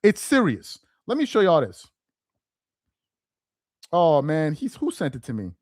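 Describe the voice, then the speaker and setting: A man with a high voice that swings wide, ranting about sports with mocking disbelief. He fires off rhetorical questions, stumbles over repeated words when he gets worked up, and rises into shouts. The sound is close and dry. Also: wildly swooping pitch, unhurried, no echo. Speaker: sports commentator host. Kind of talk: sports rant to camera.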